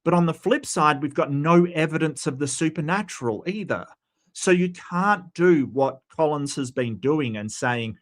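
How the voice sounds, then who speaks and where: A man's voice: on the high side, expressive, normal speed. Man casually reviewing a debate. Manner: conversational, reasons step by step with many fillers. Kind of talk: casual analytical commentary.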